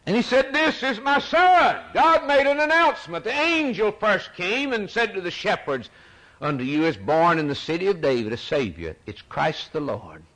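A man's voice: mid-range voice, low-quality recording. Fiery, dramatic male preacher. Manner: dramatic preaching, swinging from shouts to hushed tones; repeats phrases for emphasis. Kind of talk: sermon.

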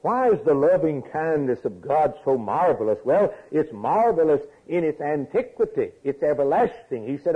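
A man preaching a sermon, repeating phrases and swinging from emphatic peaks to quiet low lines. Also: sing-song, normal speed, hardly any pauses, husky. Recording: tinny phone-like lo-fi recording.

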